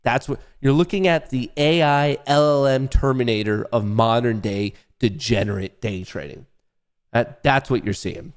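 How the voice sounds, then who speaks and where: Speaking at a moderate pace in a mid-range voice, a young male livestream host gives casual day-trading commentary. He keeps things loose, cracking jokes, swearing, and chatting with his audience.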